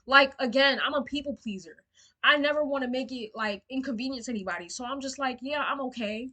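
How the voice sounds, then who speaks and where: Young woman venting a storytime, kinda high bright voice, emotional, cusses a lot, lots of "like". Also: a little fast. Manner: emotional, indignant, swears freely, many fillers. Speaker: storyteller vlogger. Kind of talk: casual storytime to camera.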